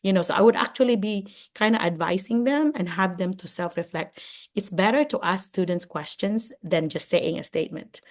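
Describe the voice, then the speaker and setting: Older woman, retired educator, lively and chatty, lots of "you know", heard over a video call. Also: mid-range voice, normal speed. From Philippines. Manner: animated, acts out classroom exchanges, many "you know"s. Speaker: retired teacher and administrator, guest speaker. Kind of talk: casual advice talk on a video call.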